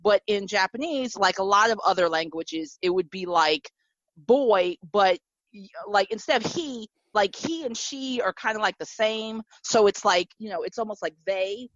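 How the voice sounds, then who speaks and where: A woman with a Midwestern American accent hosting a casual chat, telling stories in an animated way with many fillers. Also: medium pitch, moderate pace, dry recording, dull audio. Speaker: podcast host.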